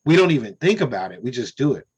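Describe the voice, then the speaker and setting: A man's voice: mid-range voice, very animated, fast, a little mellow, breathy edge. A man in a casual group conversation, talking reflectively and peppering his speech with "you know" and "man". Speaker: discussion participant.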